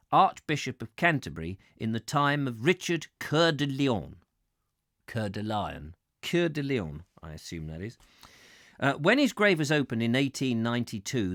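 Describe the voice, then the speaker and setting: A man reads from a book on a live stream with a lively, swooping voice that drifts into playful, rambling chatter with his viewers. The sound is dry and close, with no room around it. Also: on the high side, dry recording. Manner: playful, rambling, chuckling asides. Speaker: live-stream host reading a book aloud. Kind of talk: reading aloud with chatty asides to viewers.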